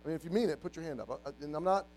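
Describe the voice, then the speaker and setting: A man preaching a sermon to a congregation, telling a story and moving from quiet, hushed passages to loud, emphatic ones. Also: a little high, racing, a little hiss or hum, low-quality recording. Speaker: pastor. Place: church.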